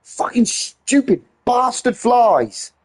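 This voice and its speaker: Husky, sweary man ranting. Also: very high-pitched, big pitch swings, takes it slowly. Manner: exasperated, heavily sweary ranting. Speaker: streamer. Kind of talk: casual live-stream rant.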